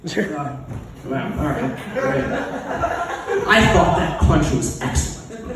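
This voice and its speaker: A man's voice: a little high, animated, slow pace, noisy background. A man doing a crude, sarcastic stand-up set at an open mic, rambling with fillers and restarts. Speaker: stand-up comic. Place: open mic comedy venue. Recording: echoey room miked from a distance.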